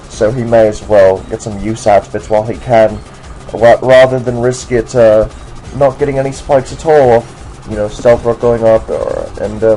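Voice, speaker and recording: A man's voice: mid-range voice, warm tone, a little hiss or hum, poor audio. An American man commentating a game match in a casual, rambling way, putting on a generic British accent. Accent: put-on generic British accent. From United States. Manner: rambling, many fillers and restarts.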